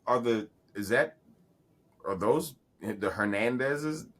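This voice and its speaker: A man's voice: mid-range voice, expressive, takes it slowly, fairly bright tone. A man co-hosting a podcast, chatting casually and profanely, rambling and restarting his sentences as he tells stories. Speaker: podcast co-host. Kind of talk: casual chat.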